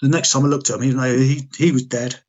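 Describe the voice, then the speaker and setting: A British man, a military veteran, telling a personal story in conversation, halting and restarting often and swearing frankly. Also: medium pitch, fairly even intonation, darkish tone, muffled recording.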